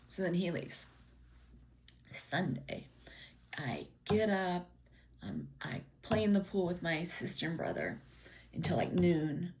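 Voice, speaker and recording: A woman's voice: on the low side, very animated, measured pace, pauses often. A woman telling a personal story in a casual, meandering way, with many ums, acting out her father's lines.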